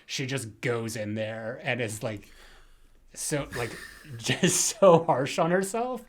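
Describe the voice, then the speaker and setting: A man co-hosting a podcast talks casually at a middle pitch. He rambles, circling back with many fillers and restarts as he works through a thought. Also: lively intonation, slow, a crowd in the background. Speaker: podcast co-host.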